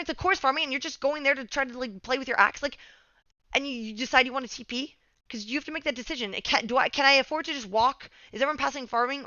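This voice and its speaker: A woman's voice: high voice, sharp tone, no echo, dull audio. A young woman giving casual game coaching over a replay, swearing often and getting heated as she rants.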